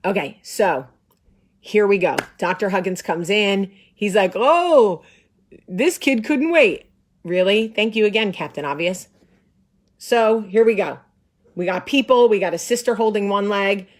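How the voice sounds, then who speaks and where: Woman host telling a funny story, sarcastic, does all the voices, mid pitch. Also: moderate pace. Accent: New Jersey. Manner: animated, sarcastic, acts out voices. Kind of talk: casual storytelling.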